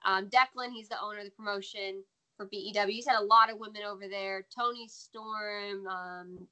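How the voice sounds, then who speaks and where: An American woman, a former wrestler, chatting as a guest in an interview, animated and laughing often. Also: medium pitch, normal speed. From United States. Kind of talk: casual interview chat.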